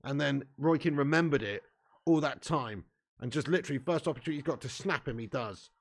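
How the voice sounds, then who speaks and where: A young man hosting a live football watch-along, bantering with his chat and swearing freely, getting loud when a chance comes. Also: medium pitch, fairly quick.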